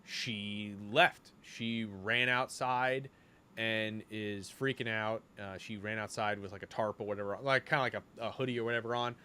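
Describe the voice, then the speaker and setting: A man's voice: fairly low pitch, normal speed, clear, resonant tone. A man co-hosting a podcast, retelling scenes in casual chat with lots of swearing and fillers. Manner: animated, profane retelling with many fillers. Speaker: podcast co-host.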